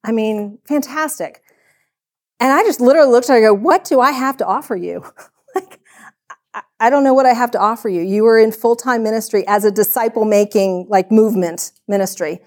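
A woman with a slightly high voice who works as a church women's minister. She talks as a podcast guest and tells her story in a chatty, frank and earnest way. She often acts out what people said. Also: fairly quick, darkish tone. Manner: chatty storytelling, acting out quoted dialogue.

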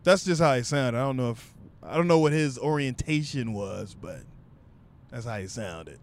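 A man's voice: mid-range voice, lively intonation, moderate pace, slight background noise. A young man vlogger telling a comic story in loose, profane, conversational talk.

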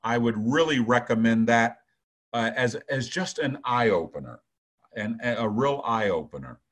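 A man in his sixties, a retired executive, talking earnestly as an interview guest and telling a story in a measured way, often repeating words as he thinks. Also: mid-range voice, lively intonation, fairly bright tone. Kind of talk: conversational storytelling.

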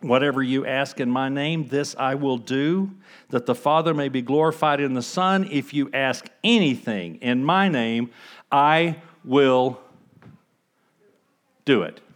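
A man preaching a sermon as pastor, conversational, asking the congregation rhetorical questions and swinging between hushed and emphatic delivery. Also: medium pitch, moderate pace.

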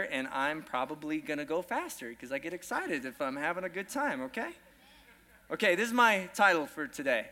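A young man preaching a lively sermon to a church congregation, joking and self-deprecating between scripture readings. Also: high voice. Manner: playful, self-deprecating humor with rising excitement. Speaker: guest preacher. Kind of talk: energetic sermon.

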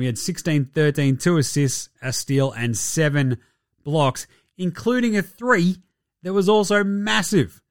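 A man's voice: on the high side, no room sound, clean studio sound. A young Australian man hosting a casual sports podcast, joking and swearing through his talk. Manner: irreverent, sweary, jokey banter. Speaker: podcast host.

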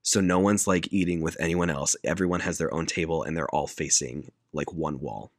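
A man with a very deep voice walks a friend through a film's plot in a casual chat. He quotes the characters in a flat deadpan and laughs easily. The recording is dry and close, with no room sound. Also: moderate pace, no echo. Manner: laid-back storyteller, deadpan quoting, laughs often. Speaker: podcast co-host retelling a movie.

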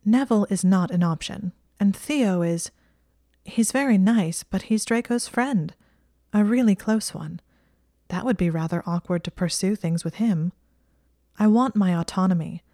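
A woman's voice: mid-range voice, unhurried, mellow, no room sound, studio quality, close to an everyday voice. A woman voicing a stubborn, anxious young witch who is defensive and tearful.

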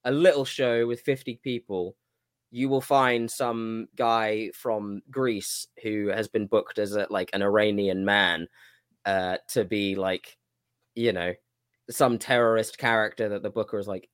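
A man's voice: fairly low pitch, a little slow, clear, resonant tone, no echo, studio quality. A man co-hosting a casual wrestling chat livestream, rambling with many restarts. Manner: rambling, restarts, animated impressions. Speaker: podcast co-host.

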